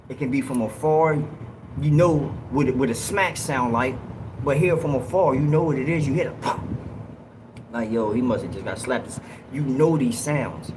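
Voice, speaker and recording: A man hosting a livestream, telling a story in a casual, slangy, animated way and acting out what people said. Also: a little high, noisy background. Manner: animated, slangy, acts out quotes in raised yells. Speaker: livestream host.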